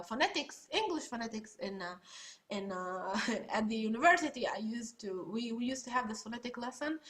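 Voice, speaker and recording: A woman teaching Arabic pronunciation in an online lesson, patiently demonstrating sounds and laughing at herself now and then. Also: fairly high pitch. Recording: echoey room.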